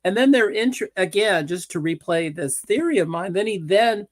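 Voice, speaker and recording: High-voiced man musing on a panel. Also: animated, normal speed. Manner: musing, amused, theorizing. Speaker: political commentator on a panel. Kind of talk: analytical panel talk.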